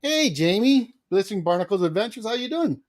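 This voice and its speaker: High-voiced man greeting the chat. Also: big pitch swings, brisk. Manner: cheerfully greets chat viewers by name. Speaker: livestream co-host. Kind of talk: casual livestream chat.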